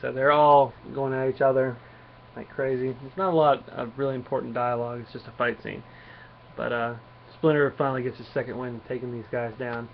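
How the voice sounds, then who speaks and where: A man's voice: medium pitch, steady tone, brisk. A man casual comic reviewer, rambling recap with lots of uhs, dull lo-fi sound with faint hiss. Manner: rambling plot retelling with many fillers.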